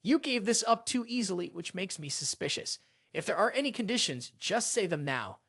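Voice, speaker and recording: Cocky young male hero, read by the male narrator; dry, skeptical, lively pitch. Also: normal speed, exaggerated voice. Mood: wary.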